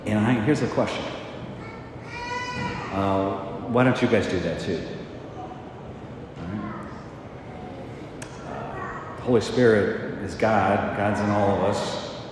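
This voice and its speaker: Priest, male, deep low voice, halting chatty homily, booming church reverb, audible room noise. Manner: conversational, halting, many fillers. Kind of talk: casual homily. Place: large echoey church. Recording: distant mic in reverberant church.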